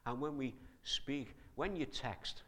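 A man preaching a sermon, his voice sitting in a middle range for a man. He keeps it conversational and animated and throws question after question at his listeners. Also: medium pitch, takes it slowly, a little hiss or hum.

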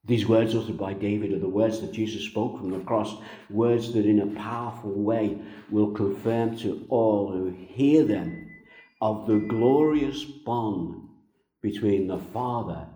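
A man preaches in a slow, deliberate sermon, leaning on repeated phrases and long pauses. His voice sits low and mellow. The sound rings around an echoey church room. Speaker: pastor.

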